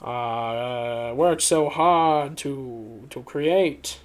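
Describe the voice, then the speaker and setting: A man voicing an old founding-father statesman, speaking in a halting, earnest way. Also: medium pitch. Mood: solemn.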